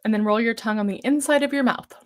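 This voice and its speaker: A woman coaching a vocal warm-up over a live stream, her voice sitting a bit high. She guides the exercises gently and encouragingly, speaking casually with the odd um and restart. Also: quick pace.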